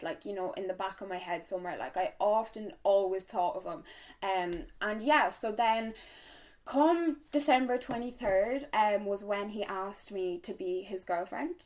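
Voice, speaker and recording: A woman in her twenties with an Irish accent, telling a casual story-time vlog in a chatty, frank way, full of fillers and swearing. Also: mid-range voice. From Ireland. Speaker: vlogger.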